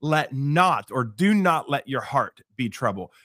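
A man's voice: mid-range voice, expressive, a little slow, bright, forceful tone, no room sound, studio quality. A man giving a conversational devotional sermon as a pastor, earnest, with repeated phrases and easy fillers.

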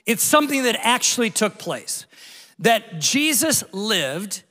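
A middle-aged man, a pastor, giving a lively, conversational Easter sermon with jokes and stories. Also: sits high, slow pace. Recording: long hall reverb.

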